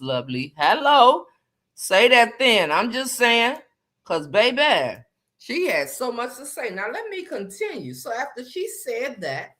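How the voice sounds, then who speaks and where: A woman's voice: mid-range voice, a bit bright. Sassy gossiping woman host. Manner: sassy, gossipy, drawling commentary. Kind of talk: casual live-stream chat.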